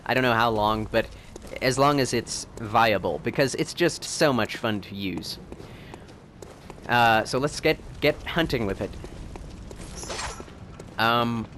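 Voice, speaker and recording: A man hosting a video game playthrough, rambling and excitable, and laughing often as he plays. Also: mid-range voice, takes it slowly, pauses often, slight background noise. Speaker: let's play host. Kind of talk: gameplay commentary.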